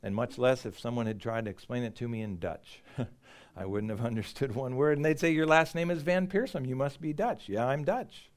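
A man's voice: medium pitch, moderate pace. American man preaching a story-driven sermon. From United States. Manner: conversational, animated storytelling with laughs.

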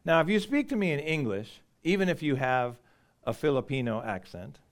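A middle-aged American man preaching, mixing a personal story with lively, conversational emphasis and occasional laughs. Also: fairly high pitch, moderate pace. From United States.

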